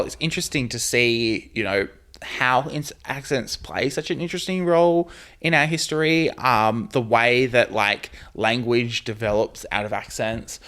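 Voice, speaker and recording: A man's voice: medium pitch, bright, forceful tone. An Australian man hosting a podcast in casual chat, rambling and leaning on "like" and "you know". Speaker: podcast host.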